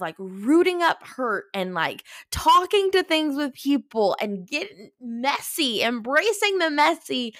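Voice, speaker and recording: A woman host, sharing an earnest personal faith reflection, animated and full of "like". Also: on the high side, dry recording, clean studio sound. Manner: earnest, animated, says "like" often. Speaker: podcast host.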